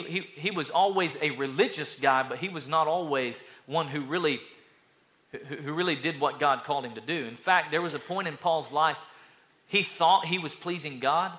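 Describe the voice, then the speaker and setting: A man pastor preaching a sermon to his church, energetic, repeating phrases and telling stories. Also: a little high. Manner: energetic preaching with repetitions and storytelling.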